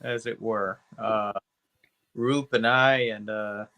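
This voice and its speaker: A man with a bright, forceful voice talks through a movie review as a podcast co-host. His delivery is loose and meandering, peppered with "you know" and easy profanity. He keeps an unhurried, casual tone. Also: fairly low pitch, steady tone, gravelly. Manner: rambling, laid-back, profane, heavy with "you know".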